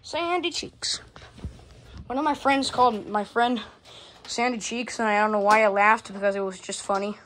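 A woman filming a casual home vlog on her phone, rambling excitably and swearing constantly as she shows off her fans. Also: medium pitch, a little fast, a little hiss or hum. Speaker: hobbyist vlogger showing her fans. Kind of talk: casual unscripted vlog commentary. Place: indoors at home. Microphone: phone camera held while filming.

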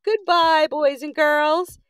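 A woman's voice: high voice, unhurried, a bit bright, dry recording, voice pushed up. A woman voicing a mischievous male Halloween pumpkin with a thick, throaty voice, calling in a teasing sing-song.

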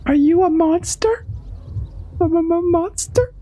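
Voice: extremely high pitch, measured pace, mellow, a little hiss or hum, pitched above the performer's own voice. A gamer voicing a small frightened girl who asks hesitant, stammering questions. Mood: timid.

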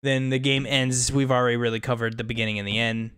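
A man co-hosting a casual gaming podcast, talking in an animated way, swearing casually and laughing as he acts out scenes. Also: medium pitch, fast talker, clean tone. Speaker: podcast co-host.

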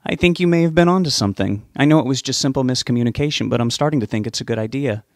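A man's voice: mid-range voice, rapid-fire, no echo, studio quality, natural voice. A man reading an audiobook, voicing an anxious, stubborn young man who talks in an earnest, pleading way. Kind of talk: audiobook character voice.

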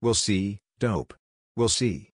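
A man reading out a brash, boastful teenage ninja boy from a storybook, taunting his rival. The voice is low and husky, dry and close. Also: slow, no echo.

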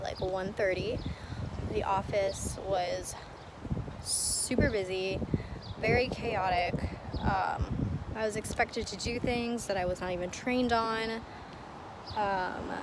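Young woman vlogger, casual, candid, filler-heavy; mid pitch; noisy outdoor camera audio with traffic behind. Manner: chatty, candid, frequent ums and likes. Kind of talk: casual vlog talk to camera. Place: outdoors and at home in Florida, handheld camera. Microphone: built-in camera mic.

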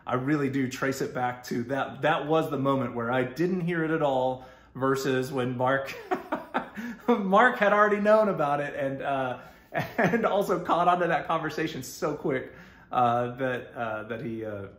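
A man's voice: medium pitch, measured pace, a bit bright. A man with a Texan accent tells a story from his youth in a loose, rambling way. He stumbles through fillers and restarts and laughs as he goes. His voice rings a little in an echoey room. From Texas. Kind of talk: casual storytelling.

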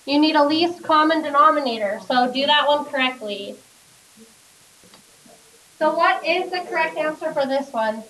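A high-pitched woman teaches a classroom math lesson, quizzing her students and guiding them through each step. Her voice is picked up from a distance in the classroom. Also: normal speed, long pauses, a bit bright, roomy sound, a little hiss or hum. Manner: questioning, coaxing students step by step. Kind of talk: classroom lecture.

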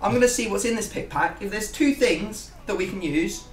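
Gaming host, young, loose rambling banter; echoey room, a touch off-mic. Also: male voice, high-pitched, fairly quick, far from the mic, faint music behind. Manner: rambling, self-mocking banter. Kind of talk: casual gaming chat.

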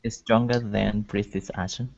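A man in an online English class, asking questions slowly and searching for words. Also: lowish voice, level tone, vocal fry, darkish tone, lo-fi sound. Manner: slow and hesitant, searching for words. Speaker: student.

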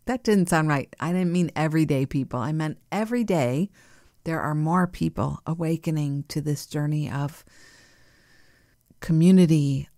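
A woman hosting a spiritual podcast in a soft, nurturing way, laughing easily and sometimes dropping to a whisper. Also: sits low, dry recording, studio quality. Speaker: podcast host. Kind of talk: gentle spiritual podcast chat.

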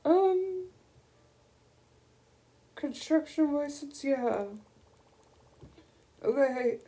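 A young woman streaming a video game, gushing and excitable as she squeals over new items. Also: high voice, extremely slow. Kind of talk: casual gameplay commentary.

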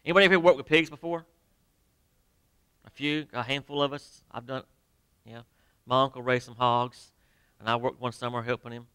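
A male pastor preaching with a bright, crisp and clean voice, recorded dry and close. He swings from quiet, drawn-out emphasis to loud, raised phrases and speaks straight to his congregation. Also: mid-range voice, fairly even intonation, dry recording. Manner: emphatic preaching, pauses and drops to near quiet; addresses the congregation directly with questions. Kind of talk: sermon. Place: church sanctuary.

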